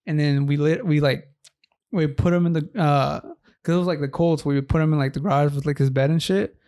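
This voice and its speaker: A man's voice: a little high, steady tone, a little fast, dark tone. A young man co-hosting a podcast, telling a long story in casual chat, rambling with heavy swearing and fillers. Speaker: podcast co-host.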